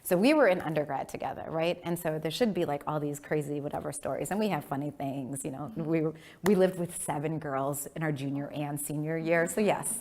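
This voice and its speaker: A woman in her forties from Milwaukee giving a keynote speech, telling stories in a lively way and laughing often. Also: low-pitched, fairly quick. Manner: animated, imitates her parents' voices, laughs often. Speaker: keynote speaker.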